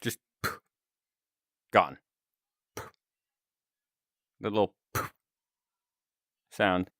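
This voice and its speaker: Guy streamer rambling in a slow, chatty way, chuckles a lot, dry close mic. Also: lowish voice, fairly bright tone, no echo. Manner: rambling, chuckles between remarks. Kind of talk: casual live-stream chat.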